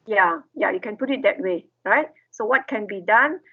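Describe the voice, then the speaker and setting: A woman's voice: medium pitch, normal speed, breathy edge, no room sound, narrow, tinny audio. A woman lecturer, explaining step by step and asking the class questions.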